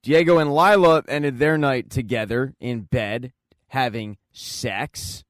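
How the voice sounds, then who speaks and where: A man's voice: mid-range voice, animated, a little slow, dry recording, studio quality. A man narrating a scripted recap in a wry, jokey storytelling manner. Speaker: recap channel host.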